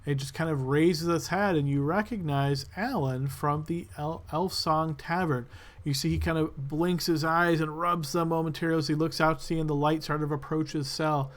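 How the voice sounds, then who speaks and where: A man's voice: fairly high pitch, fairly even intonation, normal speed. A man narrating a tabletop game as game master, describing loosely with many fillers.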